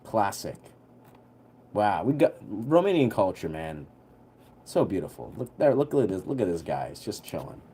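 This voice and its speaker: A young man telling a story on a livestream in a relaxed, rambling way, full of fillers. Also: on the low side, moderate pace, slight background noise. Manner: rambling, heavy on fillers, laid-back.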